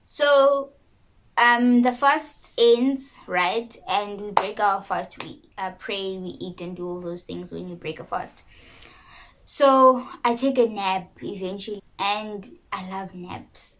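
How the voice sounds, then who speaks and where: A woman's voice: mid-range voice, fairly bright tone, low-quality recording. A young woman from South Africa talking casually to her viewers in a candid, self-mocking vlog. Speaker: YouTuber. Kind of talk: casual talk to camera.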